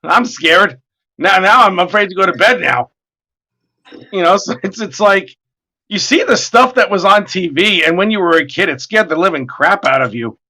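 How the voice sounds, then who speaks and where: A man in his forties tells long, rambling stories in casual chat, swearing freely. His voice sits high and jumps around a lot, with a bright, forceful edge. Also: normal speed. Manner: animated, rambling, profane storyteller. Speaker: artist streaming his work.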